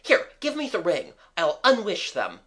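A reader voicing a bossy, quick-thinking schoolboy giving brisk orders. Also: mid-range voice, wildly swooping pitch, sharp tone, pitched above the performer's own voice, full character voice. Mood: urgent. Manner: brisk, commanding.

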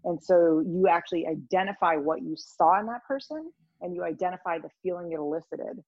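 A woman guest in an interview, telling stories in a rambling, animated way. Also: lowish voice, fairly quick, no room sound, dull audio. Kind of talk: conversational storytelling.

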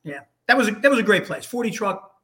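A man's voice: high voice, lively intonation, fast talker, sharp tone. A man from Hartford, Connecticut, telling rambling firehouse stories in a casual chat, full of restarts and blunt, salty talk. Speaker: guest, firefighter. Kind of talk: casual storytelling.

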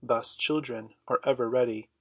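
A man narrates a children's storybook in a measured, steady way. His voice is husky and mid-pitched, recorded close on a dry, dead mic. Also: dry recording. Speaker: audiobook reader.

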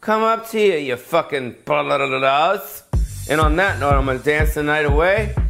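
A man doing a comedic, profane rant straight to his viewers, rambling from point to point with jokey asides. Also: fairly high pitch. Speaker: comedian hosting a weekly rant show.

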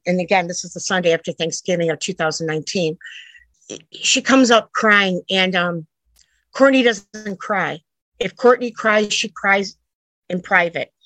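A woman's voice: medium pitch, a bit bright, no room sound, poor audio. A middle-aged woman, a mother, telling a long personal story in an earnest, rambling way that jumps back and forth in time. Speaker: interviewee, a mother telling her daughter's story.

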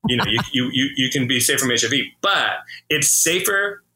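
A man comedian hosting a podcast, talking openly in a halting way with many restarts. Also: mid-range voice, lively intonation, pushed and bright, poor audio. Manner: halting, full of restarts and fillers. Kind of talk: casual podcast chat.

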